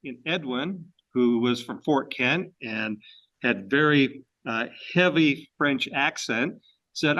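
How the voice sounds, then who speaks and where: A man's voice: medium pitch, slow pace, fairly bright tone, muffled recording. A man from Maine giving a storytelling history presentation to a club, folksy and full of fillers and restarts.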